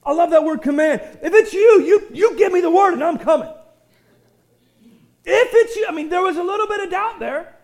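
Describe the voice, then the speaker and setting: A man preaching a sermon in an animated way, often repeating words as he goes and pushing out loud bursts of emphasis. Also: very high-pitched, a little fast. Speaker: pastor.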